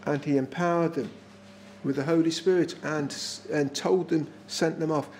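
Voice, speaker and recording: High-voiced English preacher, earnest sermon. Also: male voice, fairly even intonation, normal speed, darkish tone, slight background noise. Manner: earnest, emphatic, repeats phrases for effect. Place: small village church.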